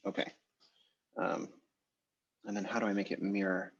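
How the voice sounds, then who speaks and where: A man's voice: fairly low pitch, little pitch movement, moderate pace, slightly rough. A man teaching an online language class, speaking casually and thinking aloud as he works things out. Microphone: video call. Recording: dull, muffled video call audio.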